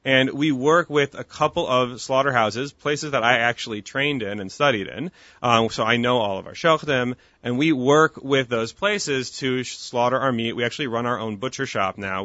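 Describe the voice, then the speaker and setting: Bright-voiced, earnest talkative man. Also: mid-range voice, brisk, no room sound. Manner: earnest, talkative, restarts often. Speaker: guest, kosher meat company founder. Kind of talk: casual interview chat. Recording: dull lo-fi dry recording.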